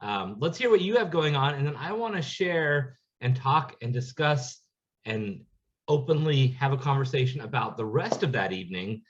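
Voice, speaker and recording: A man's voice: medium pitch, lively intonation, normal speed, highs cut off. A man co-hosting a comedy podcast, chatting in an easygoing, rambling way. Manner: easygoing, rambling, laughs a lot. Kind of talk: casual chat.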